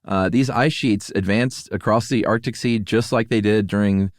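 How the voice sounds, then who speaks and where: A man co-hosting a casual podcast, talking in a relaxed way with frequent laughs and fillers. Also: on the low side, normal speed, no room sound, studio quality. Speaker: podcast co-host. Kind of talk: casual conversational podcast chat.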